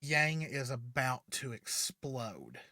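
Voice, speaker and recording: Slow casual male storyteller. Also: mid-range voice, no room sound, studio quality. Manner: casual, relaxed, many fillers. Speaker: channel host, storyteller. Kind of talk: casual spoken retelling of a fan story.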